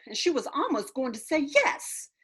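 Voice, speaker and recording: A woman's voice: high voice, sing-song, normal speed, fairly bright tone, voice pushed up. A woman voicing a cranky, huffy little girl who complains in a whiny way, in a children's book read-aloud.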